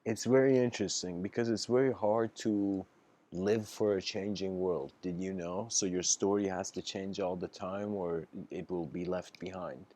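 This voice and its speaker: A man with a very low voice gives an informal lecture, telling a story as he goes. He often breaks into laughter and slips into quick quoted voices for the people in his story. His talk is loose and full of "like" and "you know.". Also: fairly even intonation, mellow. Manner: casual, laughs often, many fillers and restarts; acts out characters' lines in quoted voices.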